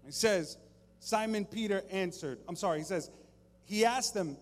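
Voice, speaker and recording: A man preaching a sermon as pastor, conversational and joking, at times dropping to a soft, intimate tone. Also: sits high, expressive, moderate pace. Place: church stage. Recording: long hall reverb, faint music behind.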